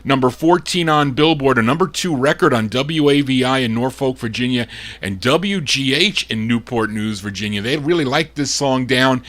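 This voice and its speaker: Grumpy guy hosting a live oldies record show, bright punchy voice, ranting a bit between songs. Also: mid-range voice, moderate pace. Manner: gruff and fed up, grumbling between record introductions. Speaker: radio show host and record DJ.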